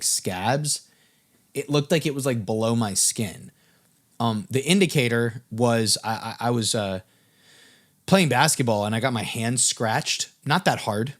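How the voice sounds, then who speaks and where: A young man, a music business coach, tells a personal story to camera in a casual way, full of fillers and swearing. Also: medium pitch.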